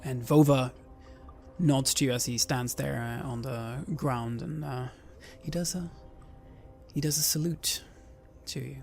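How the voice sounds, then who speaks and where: A man running a tabletop horror game as game master, narrating steadily and pausing with fillers. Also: medium pitch, steady tone, vocal fry, darkish tone, soft background music.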